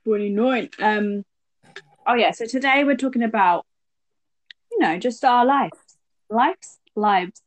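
A woman's voice: on the high side, takes it slowly, long pauses, no echo, low-quality recording. Giggly young woman chatting over snacks. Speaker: podcast co-host. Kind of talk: casual chat. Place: home, lives in South London.

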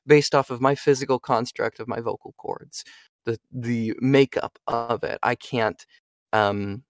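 This young male voice actor and audiobook narrator is casual and talkative in an interview chat, repeatedly asking "you know what I mean?" He speaks at medium pitch in a steady tone, a little slowly. The recording is dry and close, with no room sound.

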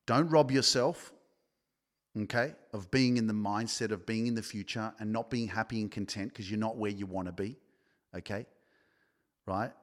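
A man's voice: fairly low pitch, normal speed. A man hosting a self-help podcast, talking straight to listeners in a pushy, repetitive way and swearing often. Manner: swearing, pushy, repeats himself, quotes people in his own voice. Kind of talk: motivational podcast monologue, live-streamed.

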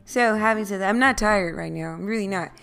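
A woman's voice: medium pitch, a little fast, vocal fry, a bit bright, smooth, faint music behind. A woman from Philadelphia hosting her own podcast, rambling casually, playfully repeating phrases, her voice a little scratchy at times. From Philadelphia, USA. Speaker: podcast host. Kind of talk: casual solo podcast monologue.

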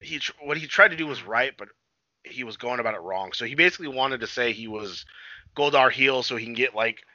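A man in casual chat, excitedly retelling a TV episode, swearing freely. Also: medium pitch, a little fast, dry recording, muffled recording. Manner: excitable, profane, retells scenes with acted-out quotes.

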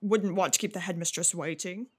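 A woman puts on an awkward middle-aged dad in a tabletop game, a little lower than her own voice. He stammers and stumbles, unsure of himself. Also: fairly quick, a little mellow, husky. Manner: stammering, nervous.

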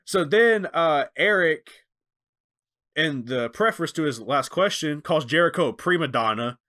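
A man co-hosting a casual chat who talks in an animated way and acts out quotes in different voices. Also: on the high side, unhurried. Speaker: podcast co-host.

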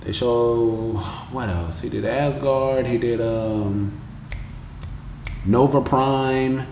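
A man tells a story in loose, slang-heavy talk and curses freely. His voice sits at a middle pitch and jumps up when he mimics characters. He sounds like he is in a roomy space with a faint hum of ambience behind him. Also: extremely slow. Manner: slangy, profane, animated retelling with quoted voices. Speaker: podcast host. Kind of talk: casual episode recap.

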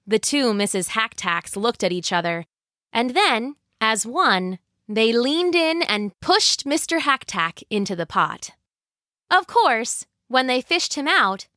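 Expressive woman reading a folk tale, bright voice, dry close mic, faint music behind. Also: a little high, unhurried, dry recording. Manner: warm, expressive, playful. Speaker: storyteller. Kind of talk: scripted narration of a folk tale.

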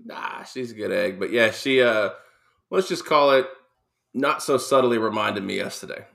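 Male co-host, average pitch, relaxed and hesitant, casual sports chat. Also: normal speed, creaky. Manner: easygoing, hesitant.

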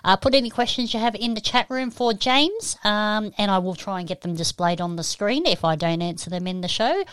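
Australian woman, podcast host, cheery, bubbly, middle pitch, dry close sound. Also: fairly quick, fairly bright tone, clear, resonant tone, no echo. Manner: cheery, bubbly, greets listeners with whoops and laughs. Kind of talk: live-stream podcast chat.

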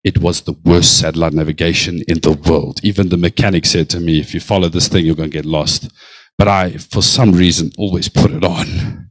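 A pastor preaching a sermon, slowing down to stress lines and then speeding up in bursts. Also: male voice, low voice, fairly even intonation, dry recording, rough recording. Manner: preaching with slow drawn-out emphasis and sudden bursts of speed.

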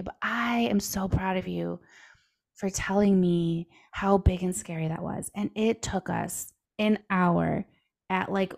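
Woman podcast co-host, gravelly voice, chatty, filler-heavy storytelling. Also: mid-range voice, a little mellow. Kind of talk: casual chat.

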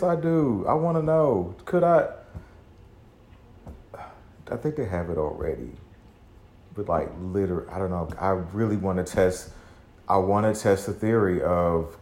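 This podcast host has a low, darkish voice as he talks alone at home in a confessional show. His talk is rambling and introspective, full of free cursing and sighs where he trails off. The room echoes, and a faint hum sits underneath.

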